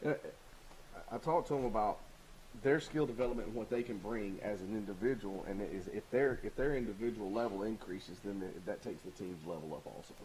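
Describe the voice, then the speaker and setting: A man coaches through his answers in a relaxed, halting way. He laughs easily and restarts his sentences as he goes. A faint hiss sits under the recording. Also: on the low side, low-quality recording. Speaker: high school basketball coach. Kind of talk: casual interview chat.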